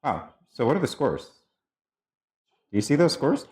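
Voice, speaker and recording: A man's voice: medium pitch, very animated, normal speed, darkish tone. A man co-hosting a morning show, chatting casually and chuckling easily during a game segment. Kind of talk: casual studio banter.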